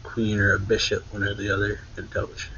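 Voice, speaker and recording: A man's voice: on the low side, monotone, fairly quick, gravelly, pushed and bright, muffled recording, a little hiss or hum. A man casually recapping a manga chapter for a reaction channel, rambling along with lots of "like" and self-corrections. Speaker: anime reaction channel host.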